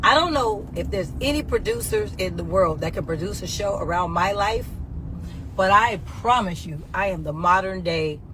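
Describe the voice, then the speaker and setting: A woman's voice: mid-range voice, lively intonation, moderate pace. Sassy woman telling a story over traffic noise. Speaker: guest. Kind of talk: casual storytelling.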